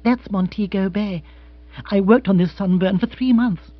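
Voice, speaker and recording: A man voicing a wry, sophisticated young wife with crisp, dry remarks. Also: high-pitched, moderate pace, dry recording, pitched above the performer's own voice. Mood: breezy. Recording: dry, slightly dull audiobook.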